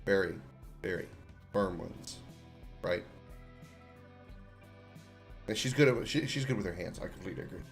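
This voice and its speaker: Low-voiced man rambling through gameplay. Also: animated, moderate pace, vocal fry, long pauses. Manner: rambling, joking, many fillers and restarts. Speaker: streamer playing a video game. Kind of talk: casual gameplay commentary. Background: faint game music.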